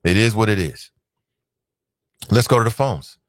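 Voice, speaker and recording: A man's voice: on the low side, measured pace, no room sound. A man in his thirties hosting a talk radio show, reading listener comments aloud and reacting with laughter and opinions. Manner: animated, laughing, mocks voices.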